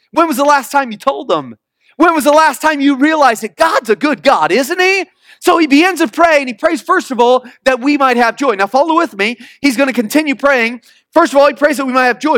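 A male pastor preaches emphatically and calls for answers from the congregation. He reads scripture slowly and deliberately. His voice sits very high and the sound is dry and close. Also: fairly bright tone, dry recording. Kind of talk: sermon.

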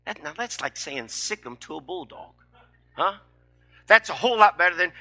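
A man's voice: fairly high pitch, animated, normal speed, bright, forceful tone. A middle-aged man, preaching a sermon in a folksy, emphatic, joking way.

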